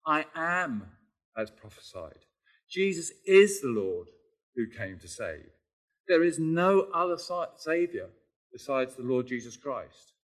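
A man preaching a sermon in a conversational, emphatic way, repeating key phrases and asking tag questions. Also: medium pitch.

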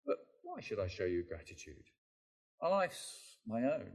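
A man's voice: on the low side, huge pitch swings, measured pace, slightly rough, full character voice. A man voicing a defiant, ungrateful person who waves off any debt or duty. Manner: dismissive, defiant.

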